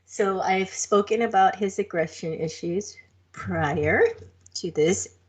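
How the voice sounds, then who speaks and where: A woman's voice: medium pitch, slow pace, a little hiss or hum. A woman co-hosting a podcast in casual chat, talkative, laughing easily and telling rambling stories. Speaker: podcast co-host.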